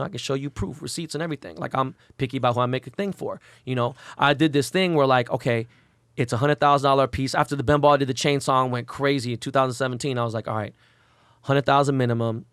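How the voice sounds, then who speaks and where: A middle-aged man telling stories at a quick clip, swearing freely as he goes. He acts out quotes in a raised voice, and his voice sits dry and close with almost no room sound. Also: medium pitch, clean tone, no room sound. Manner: fast, profane, animated, acts out quotes in a raised voice. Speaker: guest, celebrity jeweler. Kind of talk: unfiltered storytelling in an interview.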